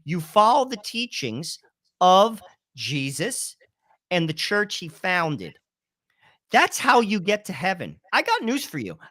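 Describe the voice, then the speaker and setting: A man co-hosting a political talk show, explaining his views in a deliberate, lecturing way. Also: high-pitched, wildly swooping pitch, pushed and bright, no echo, studio quality. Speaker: co-host.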